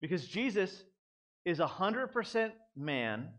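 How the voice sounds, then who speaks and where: A young man preaching a casual sermon as pastor, conversational and animated, with self-deprecating asides. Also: sits high, slow.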